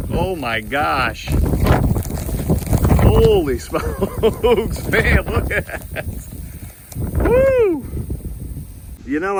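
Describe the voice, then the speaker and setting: A man from Louisiana filming a casual vlog outdoors in the snow on a handheld phone, excited and laughing often. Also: mid-range voice, background noise. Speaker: vlogger. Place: outdoors in a snowy yard. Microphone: handheld phone camera.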